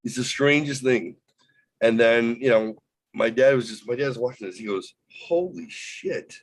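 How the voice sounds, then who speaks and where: A man hosting a podcast, telling a rambling, profane, animated story in casual chat. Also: medium pitch, normal speed, no echo, rough recording. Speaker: podcast host.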